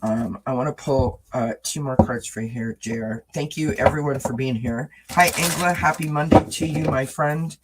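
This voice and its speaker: A man's voice: medium pitch, moderate pace, few pauses, heavy background noise. A man giving a live-streamed tarot reading, reassuring his viewers and greeting the chat by name. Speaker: tarot reader.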